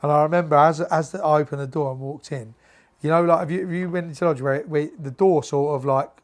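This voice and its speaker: A man tells boxing-gym stories in casual chat, slightly higher-pitched than most men. He acts out the voices of the people in his stories and swears freely. The delivery is lively and conversational. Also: fast talker. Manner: animated anecdotes, acts out quoted dialogue, swears freely. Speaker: podcast guest, former professional boxer.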